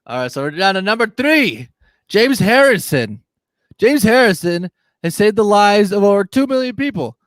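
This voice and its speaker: A man co-hosting a casual chat show, reading a list aloud with frequent laughs. His voice sits high and sounds dry and close. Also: big pitch swings, moderate pace, a bit bright, no room sound. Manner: reads out a list, laughing a lot. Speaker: co-host.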